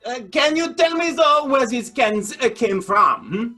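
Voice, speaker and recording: Bright, high-voiced man improvising. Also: lively intonation, a little slow, soft background music. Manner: mock-formal, playful. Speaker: improv player. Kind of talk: improvised comedy scene. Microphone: video call.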